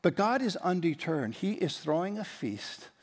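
A man's voice: high-pitched, sing-song, moderate pace. Emphatic preaching man, reverberant church. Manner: leads the congregation in reading aloud, warmly emphatic. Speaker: pastor. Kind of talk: sermon.

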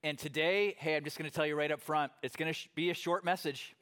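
A middle-aged pastor delivers a sermon in a fairly high voice. He preaches conversationally and tells stories with lively acted-out quotes. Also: fast, clear, resonant tone.

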